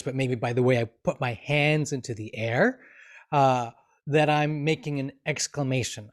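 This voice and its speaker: A man teaching grammar in a live online question session, explaining at length with frequent restarts and fillers and reading example sentences with expressive inflection. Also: medium pitch.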